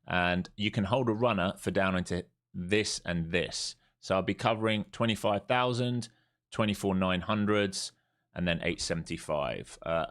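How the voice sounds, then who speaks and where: A man's voice: deep voice, fairly bright tone. A man giving casual, blunt live trading commentary, thinking aloud, repeating key points and swearing freely. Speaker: live stream day trader.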